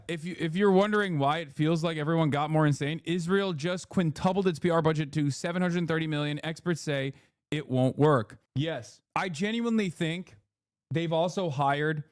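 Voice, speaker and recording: A man's voice: a little high, moderate pace, dry recording, studio quality. A man doing live-stream political commentary, heated and indignant, with many fillers and restarts. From United States.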